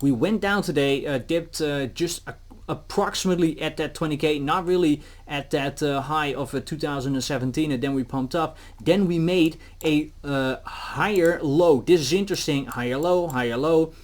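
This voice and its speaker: A man giving casual crypto market commentary, animated, with many fillers and restarts, sometimes acting out officials. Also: fairly high pitch, normal speed.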